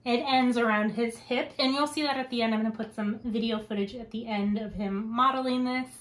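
A woman's voice: fairly high pitch, fairly even intonation, fairly quick. A young adult woman hosting a podcast in casual chat, talkative and given to tangents and laughter. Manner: chatty, laughs often, wanders onto tangents. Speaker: podcast host.

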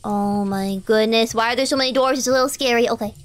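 A woman streaming a driving game, chatting to herself in an excitable, talkative way as she plays. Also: fairly high pitch, quick pace. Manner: chatty, excitable, talks to herself while playing. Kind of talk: live game commentary.

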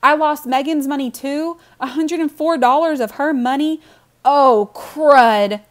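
A woman voicing an excitable young boy who gets upset and then sheepish, in a high, bright voice. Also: moderate pace, close to an everyday voice. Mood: dismayed.

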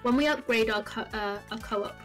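A woman's voice: fairly high pitch, moderate pace, music in the background. A woman chatting casually while playing a co-op game, helpfully explaining what to do. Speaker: co-op game player. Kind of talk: casual gaming chat.

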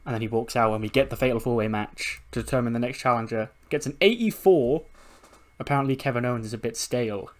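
A man narrating a game run in casual, chatty recaps. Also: mid-range voice. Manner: chatty, quick recaps with laughs. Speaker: game commentator. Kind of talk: casual let's-play narration.

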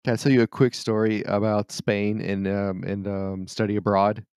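A man's voice: fairly low pitch, little pitch movement, moderate pace, creaky, darkish tone, clear, resonant tone, dry recording, clean studio sound. A man co-hosting a casual podcast, rambling through anecdotes with crude jokes and laughing often. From United States. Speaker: podcast co-host.

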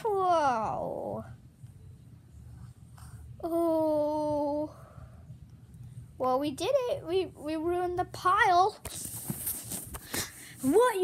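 A woman with a very high, light voice improvises a homemade toy movie. She talks in an unhurried way, full of excited exclamations and sing-song bits. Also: slight background noise. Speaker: home movie maker voicing toy characters.

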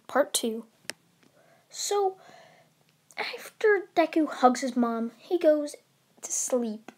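A woman's voice: high-pitched, darkish tone. A woman casually narrating a fan-made story, rambling with fillers and restarts.

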